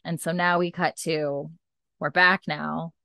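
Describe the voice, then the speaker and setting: A woman's voice: deep voice, little pitch movement, a little slow, gravelly, sharp tone, no room sound, clean studio sound. A woman on a podcast, casually retelling a TV episode scene by scene and acting out the lines with lots of "she's like". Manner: chatty, retells dialogue with "she's like", laughs often. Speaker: podcast host recapping an episode.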